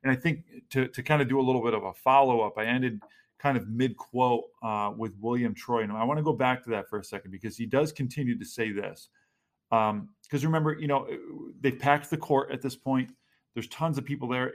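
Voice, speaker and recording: A man's voice: medium pitch, a little fast. Enthusiastic male history podcast host. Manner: enthusiastic, reads quotes aloud then comments.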